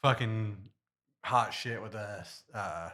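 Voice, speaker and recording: A man's voice: on the low side, slow, pushed and bright. A young man from Indiana with a Midwestern accent, co-hosting a casual podcast, blunt and swearing, with a slight stutter. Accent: Midwestern American. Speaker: podcast co-host.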